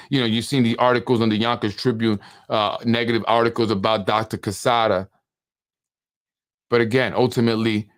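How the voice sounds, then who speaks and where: A man hosting a political podcast, talking casually and reading text messages aloud, with frequent restarts. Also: on the low side. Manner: conversational, repeats words and restarts, reads messages aloud. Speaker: podcast host.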